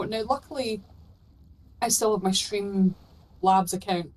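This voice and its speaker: A woman's voice: medium pitch, slow, darkish tone, low-quality recording. A woman co-hosting a game stream, telling stories in a chatty way and swearing casually. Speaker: co-streamer guest. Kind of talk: casual chat while gaming.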